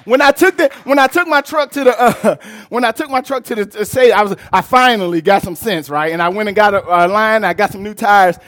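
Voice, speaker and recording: High-voiced preacher, animated and shouting. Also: male voice, fairly quick, few pauses. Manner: animated storytelling, rising to shouts. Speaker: pastor. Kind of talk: sermon. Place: church sanctuary.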